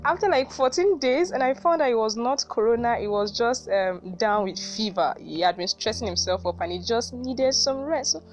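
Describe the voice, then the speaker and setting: A woman speaks to her community in a casual, uplifting talk. Her fairly high voice tells stories with lively energy and frequent laughter. Soft music plays quietly underneath. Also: normal speed, hardly any pauses. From Nigeria. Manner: animated storytelling, laughs often. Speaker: vlogger addressing a faith group.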